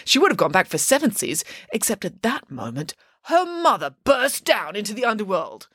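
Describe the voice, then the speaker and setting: Woman reading a bedtime story, very lively voice, dry close sound. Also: mid-range voice, moderate pace, husky, dry recording.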